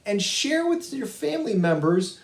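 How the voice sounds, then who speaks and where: A man's voice: high voice, very animated, normal speed, vocal fry. A male music teacher giving a virtual kindergarten lesson, patient and encouraging as he talks to young children and their families. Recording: echoey room.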